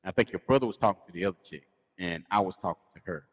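A man co-hosting a casual podcast with a Southern US accent, telling stories in an animated way and acting out quotes. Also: low voice, racing, big-room sound. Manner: animated storytelling, acts out quotes. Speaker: podcast co-host. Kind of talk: casual chat.

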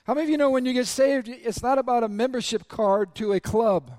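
Male pastor with a high voice and a slightly raspy throat, lively sermon full of crowd questions, dry close sound. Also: a little fast, no echo. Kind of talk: sermon to a congregation.

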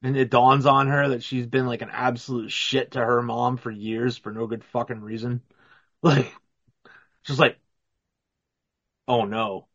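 A man co-hosting a casual film commentary podcast, talking in a rambling, profane, excitable way. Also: medium pitch, moderate pace, highs cut off. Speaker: podcast co-host.

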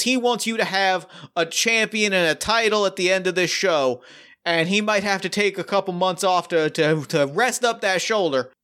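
A showy cowboy wrestling promoter, put on by a man running a tabletop game, working the crowd in a thick Southern drawl. His voice rides high above his usual register, bright and ringing. He leans hard into every line like a carnival barker. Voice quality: booming showman drawl.

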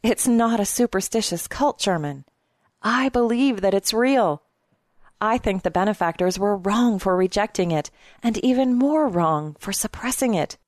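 A woman's voice: mid-range voice, lively intonation, unhurried, dry recording, clean studio sound, lightly acted. Woman reading a reserved, resolute young woman. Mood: firm. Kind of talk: audiobook character reading.

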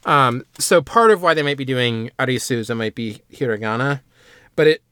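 A man's voice: medium pitch, fairly quick, sharp tone, clear, resonant tone, no room sound. A man hosting a casual podcast, recapping an anime episode in a rambling way with lots of fillers and asides. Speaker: podcast host summarizing an anime. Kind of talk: casual chat.

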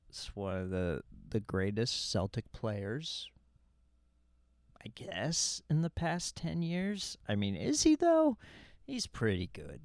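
Slow, rambling man with lively pitch. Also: creaky, dry recording. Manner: rambling, with many restarts and stammered repeats. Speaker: podcast host. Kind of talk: casual chat.

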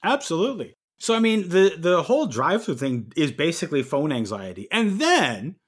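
A man co-hosting a podcast, telling stories in a casual, animated and exasperated way. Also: on the high side, moderate pace, slightly rough. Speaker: podcast co-host. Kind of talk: casual chat.

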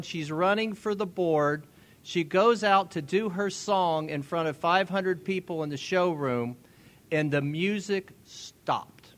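High-voiced man hosting a charity auction. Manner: chatty, laughs often, warm asides. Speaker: event host. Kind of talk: casual event hosting.

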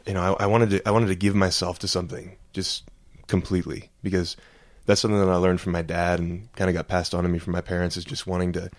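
A man from Alabama, a seminarian, answering earnestly and a little haltingly on a podcast. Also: low voice, level tone, no echo. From Mobile, Alabama. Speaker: seminarian guest.

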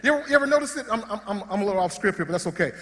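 A male pastor preaching a sermon, animated and joking, often restarting his sentences. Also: high voice, racing. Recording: long hall reverb.

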